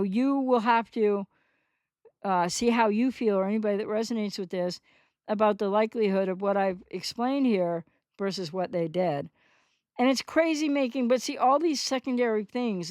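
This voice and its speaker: A woman in her sixties hosts a recovery channel, answering a commenter in a rambling, candid, unscripted monologue and often correcting herself. Her voice is highish with a darkish tone, captured as clean studio sound with no echo.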